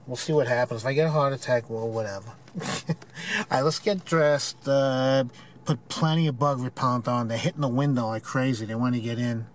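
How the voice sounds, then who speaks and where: A man's voice: medium pitch, fairly even intonation, normal speed. Rambling older man hiking. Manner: rambling, self-mocking, chuckling. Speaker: hiker filming his hike. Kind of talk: casual hiking vlog. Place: outdoors on a forest trail. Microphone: handheld camera mic.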